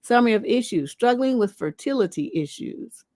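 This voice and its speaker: Woman, relationship coach, livestream host, blunt, profane, scolding, higher voice, dry close sound. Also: animated, normal speed, darkish tone, no echo. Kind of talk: livestream advice show.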